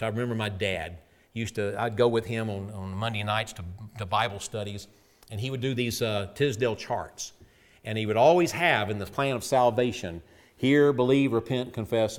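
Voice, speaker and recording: A middle-aged man preaching a sermon with earnest emphasis, rising to loud peaks and dropping to soft, quiet endings. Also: lowish voice, animated, moderate pace.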